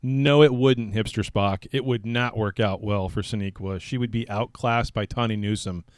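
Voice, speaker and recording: A man's voice: lowish voice, steady tone, moderate pace, clear, resonant tone, no room sound, studio quality. A man co-hosting a podcast in casual chat, laughing often and teasing his co-hosts. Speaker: podcast co-host.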